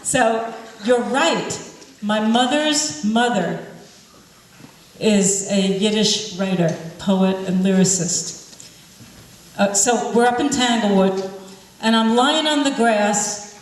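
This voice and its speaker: A woman telling a lively stage anecdote, laughing and acting out the voices of others. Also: fairly high pitch, slow, long pauses. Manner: animated, laughing, acts out other people's voices. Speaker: panel storyteller. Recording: echoey hall, distant mic, faint noise.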